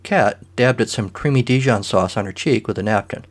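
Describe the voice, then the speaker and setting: A man's voice: lowish voice, a little fast. A man narrating a comic short story in a dry, matter-of-fact way.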